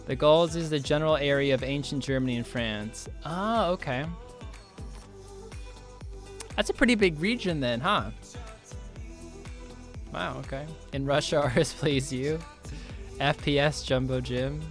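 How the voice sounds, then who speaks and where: A man's voice: a little high, moderate pace, faint music behind. A young man in his twenties on a casual game stream, loose and profane, reading viewers' chat aloud and riffing on it. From United States.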